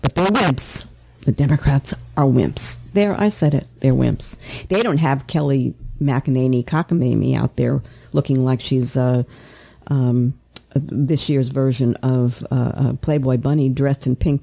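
Impassioned low-voiced woman podcast host. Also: gravelly, mellow. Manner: impassioned, voice climbs when emotional; rapid, repetitive restarts. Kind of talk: political talk show discussion.

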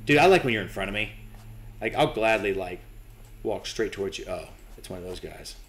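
A man's voice: fairly low pitch, expressive, brisk, fairly bright tone. A young man commentating his own horror game playthrough, nervous, swearing and talking to himself and to the game. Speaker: gaming channel host.

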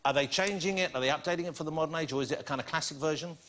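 A man hosting a chat show interview, teasing, chatty and quick to laugh. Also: a little high, a bit bright, a little hiss or hum. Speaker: talk show host. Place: TV studio with audience.

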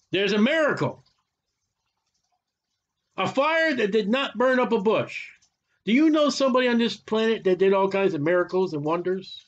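A man teaching a Bible study as a sermon, animated, sarcastic and preachy, from the United States. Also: high-pitched. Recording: muffled lo-fi recording.

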